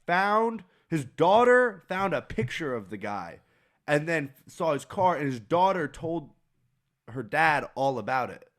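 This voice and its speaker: A man's voice: fairly high pitch, big pitch swings, measured pace, fairly bright tone. A young man co-hosting a podcast, telling a story in casual, profane chat and acting out the voices of people he quotes. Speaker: podcast co-host.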